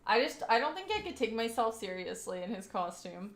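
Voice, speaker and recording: Brisk and sing-song in a mid-range voice, a young woman from Kentucky chats on her livestream, reading chat aloud and rambling with plenty of fillers. The recording has the echo of a roomy home room.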